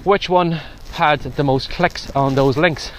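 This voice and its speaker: A man with a rather high, fairly bright voice speaks slowly and with fairly even intonation. He's a podcast host doing a casual walking vlog outdoors in strong wind and rain, a little out of breath as he offers chatty advice.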